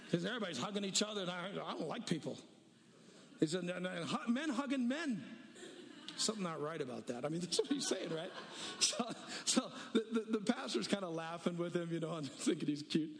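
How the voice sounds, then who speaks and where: A man preaching in a large reverberant hall, his voice sitting high and swinging widely in pitch. He tells stories with quick changes of voice and presses his listeners with dares. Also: creaky. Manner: animated storytelling, shifting voices for quotes, daring the listeners. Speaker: pastor. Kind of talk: sermon.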